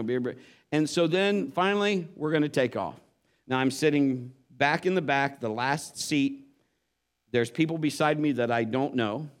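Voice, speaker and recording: A man preaching a sermon, telling a story and acting out the voices of the people in it. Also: medium pitch. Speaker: pastor.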